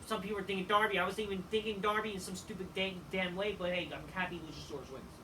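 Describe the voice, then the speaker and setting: A man giving a casual, rambling review of a wrestling show, swearing often and filling pauses with "like" and "you know.". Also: high-pitched, fairly even intonation. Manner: profane, rambling, with frequent fillers. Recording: distant mic with faint background noise.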